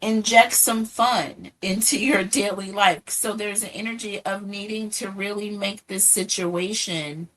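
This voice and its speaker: A woman's voice: medium pitch, fairly even intonation, a little slow, few pauses, a bit bright, poor audio. A woman giving a casual tarot reading, musing aloud and checking in with her listeners. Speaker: tarot reader.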